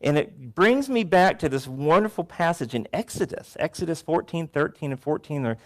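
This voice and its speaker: A man's voice: fairly high pitch, moderate pace. A male pastor giving a sermon to a congregation, telling stories with animation. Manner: animated storytelling, acts out voices. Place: church before a congregation.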